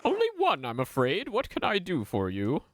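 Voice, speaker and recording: A man's voice: fairly high pitch, huge pitch swings, normal speed, fairly bright tone, a little hiss or hum, voice pushed up. A man voicing a polite, busy middle-aged male scholar in a video game, speaking formally. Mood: polite, hurried. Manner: courteous, formal, fussy.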